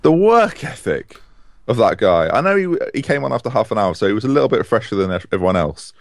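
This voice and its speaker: Lively low-voiced man chatting football. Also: fast, vocal fry, dry recording. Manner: animated, opinionated, chatty with restarts. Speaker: podcast co-host. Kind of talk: casual football chat.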